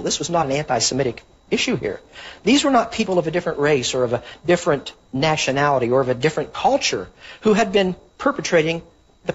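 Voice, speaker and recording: Husky-voiced preacher, lively emphatic delivery. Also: male voice, fairly high pitch. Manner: earnest, emphatic Bible teaching with verse citations. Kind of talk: sermon. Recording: dull lo-fi recording.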